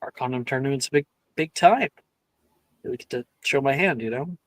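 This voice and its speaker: A man's voice: mid-range voice, a little fast, no room sound. A man playing a tabletop game in character, rambling and playful, often breaking into laughs. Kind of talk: in-character role-play.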